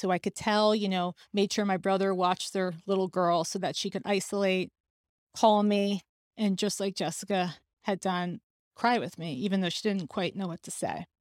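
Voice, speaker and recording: A woman's voice: medium pitch, darkish tone, no echo, studio quality. Candid woman telling a story. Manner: candid, conversational, laughs now and then. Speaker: podcast host. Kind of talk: personal storytelling.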